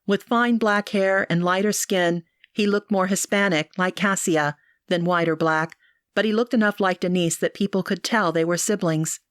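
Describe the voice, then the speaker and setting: A woman reads an audiobook in an even, measured manner. Her voice sits a little low. The recording is dry and close with no room sound. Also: dry recording. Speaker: audiobook narrator. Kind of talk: scripted audiobook narration.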